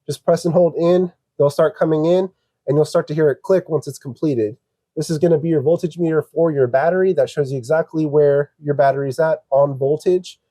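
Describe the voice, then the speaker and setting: A man with a slightly high but mellow voice gives a casual RV walkthrough, explaining each feature in a plain, practical way. The sound is dry and close, with little room around it. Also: brisk, no echo. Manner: steady, practical, explaining controls step by step. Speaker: RV dealership salesperson giving a walkthrough. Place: outdoors around an RV, then inside it.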